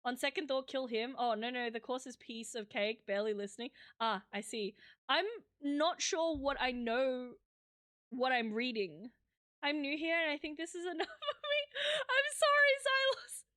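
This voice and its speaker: A woman's voice: sits high, moderate pace, fairly bright tone, clear, resonant tone, dry recording, clean studio sound. A young woman streaming a game live, reading its dialogue aloud in a flustered, giggly way.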